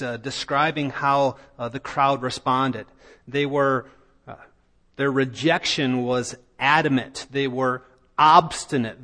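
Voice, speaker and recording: Male preacher, high pitched and unhurried, emphatic sermon delivery; long hall reverb. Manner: emphatic, rising to loud declamation.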